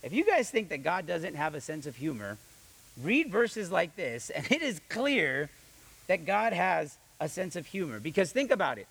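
A young man preaching a sermon with animated delivery, reading scripture and acting out the quoted voices, often repeating his words. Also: a little high, moderate pace, vocal fry, breathy edge, rough recording. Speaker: pastor.

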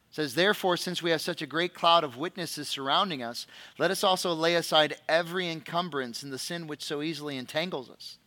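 Male pastor, sermon delivery, bright tone, slightly high voice, reads scripture and asks questions.

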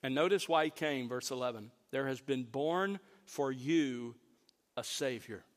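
A man preaching a sermon, slowing down to stress key words. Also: mid-range voice, big-room sound. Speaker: pastor.

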